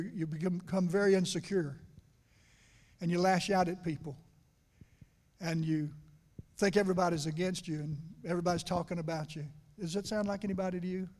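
A middle-aged man preaching a sermon to a congregation in church. He keeps asking them questions and swings from quiet, confiding talk to loud emphasis. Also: sits high. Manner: conversational, asks the congregation questions. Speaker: pastor. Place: church sanctuary.

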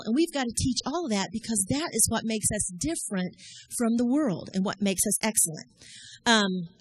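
Husky-voiced woman preaching. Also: on the high side, dry recording. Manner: folksy storytelling, preachy. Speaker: church speaker. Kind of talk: sermon.

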